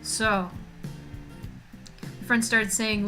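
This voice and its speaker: A woman's voice: medium pitch, completely flat delivery, normal speed, long pauses, music in the background. A woman streamer in casual chat, joking and talking to her viewers as she draws. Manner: chatty and joking, reading chat aloud. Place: home streaming setup.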